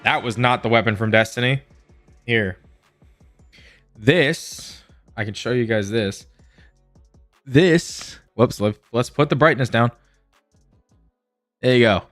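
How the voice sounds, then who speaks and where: A man talking casually to viewers while he plays on a live game stream, playful and quick to slip into silly voices. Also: medium pitch, fairly bright tone, soft background music.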